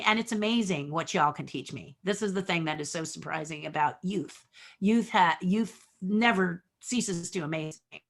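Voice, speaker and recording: An older woman, an animated storyteller, talking as a guest in an interview. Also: fairly low pitch, normal speed. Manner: animated storyteller, acts out quotes.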